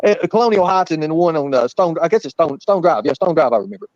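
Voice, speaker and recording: Fast-talking man telling stories. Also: a little high, animated, a little mellow, no room sound. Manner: rambling, laughing, profane anecdotes. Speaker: guest storyteller. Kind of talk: casual storytelling. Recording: muffled lo-fi audio.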